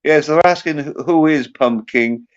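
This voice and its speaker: A man hosting a casual livestream chat, halting and joking with casual swearing. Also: on the high side. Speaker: host. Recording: muffled lo-fi audio.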